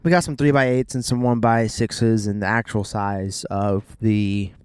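A man's voice: fairly low pitch, fairly even intonation, a little slow, darkish tone, smooth, no echo, clean studio sound. A man in his thirties, chatting casually with his wife while driving, with playful jokes and asides. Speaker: vlogger, father. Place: car.

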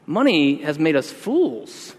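A man preaching a sermon in an earnest, conversational way, slowing down to stress key words. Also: on the high side, very animated, husky. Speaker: pastor. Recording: long reverb in a large hall.

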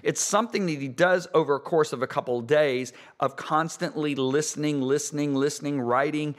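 A man's voice: on the high side, brisk. Earnest man preaching about prayer. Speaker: Christian talk show co-host. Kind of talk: preaching-style conversation.

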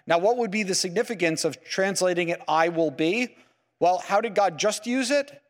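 A man teaching a Bible class, lively and full of rhetorical questions, checking in with "okay?" and "right?" as he goes. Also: sits high, moderate pace, in a large hall. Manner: peppers sentences with "okay?" and "right?". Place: lecture room with slides.

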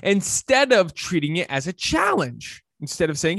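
A man, a fitness coach, giving an emphatic, preachy motivational talk that swings between loud and hushed. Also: on the high side, lively intonation, moderate pace, gravelly, few pauses, no echo, clean studio sound.

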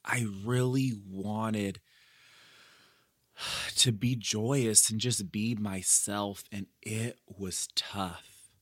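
Unhurried man, candid podcast chat. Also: on the low side, steady tone, a bit bright, dry recording, clean studio sound. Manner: candid, reflective, playful slang. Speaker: podcast host. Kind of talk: casual solo podcast chat. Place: living room, in a comfy chair.

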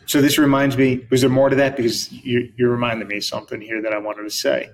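Guy on a chat podcast telling a long joke, acts out both people, gets lively. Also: medium pitch, fast talker, a little hiss or hum. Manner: animated storyteller, acts out dialogue, laughs. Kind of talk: casual conversation, telling a joke.

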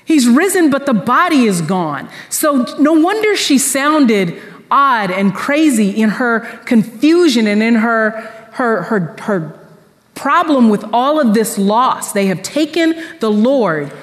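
A woman pastor preaching a sermon in an animated, conversational storytelling way with casual slang, in a church sanctuary. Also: fairly high pitch, slow, long reverb tail.

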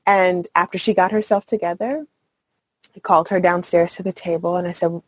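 A woman's voice: on the low side, little pitch movement, moderate pace, slightly rough, dry recording. A woman in her thirties, a mother, speaking earnestly and candidly as a podcast guest in casual conversation. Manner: earnest, candid, many fillers and soft laughs.

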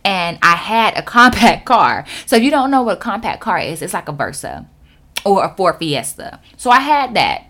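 A woman speaker tells her own story with sass and emphasis. Her pitch swings widely, rising high for emphasis and dropping low for effect, and her delivery stays animated and expressive throughout. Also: normal speed. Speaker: motivational speaker. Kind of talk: personal storytelling talk.

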